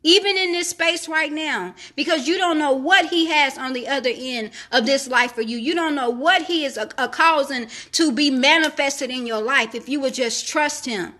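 A woman with a high, sharp voice preaches a sermon-style devotional at a moderate pace, hardly pausing. She reads scripture aloud, comments on it, and urges listeners to trust God, repeating phrases for emphasis.

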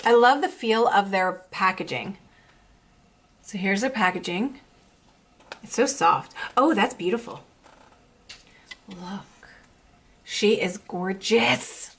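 A young woman vlogger chatting casually as she unboxes makeup, gushing and excitable. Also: mid-range voice, slow pace, pauses often, slightly rough. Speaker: beauty vlogger.

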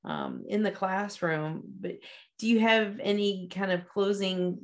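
A woman's voice: mid-range voice, a little slow. Woman host, hesitant and admiring. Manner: hesitant, repeats words, admiring. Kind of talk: casual interview chat.

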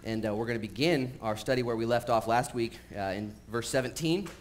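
A man preaching a sermon in a church, talking casually with frequent fillers and getting animated as he tells stories. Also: mid-range voice, a little fast. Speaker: pastor. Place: church sanctuary. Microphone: live-streamed recording.

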